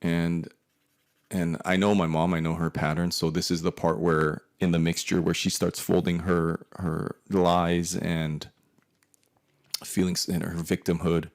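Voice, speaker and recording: Low gravelly man telling a rambling story. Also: little pitch movement, a little slow. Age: 40s. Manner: profane, rambling, with frequent restarts. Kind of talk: comedic personal storytelling.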